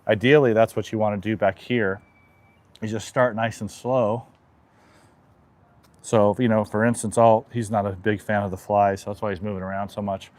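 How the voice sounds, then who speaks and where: A man working as an equine chiropractor, calmly explaining a hands-on demonstration with a horse and softly soothing it. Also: fairly low pitch, normal speed.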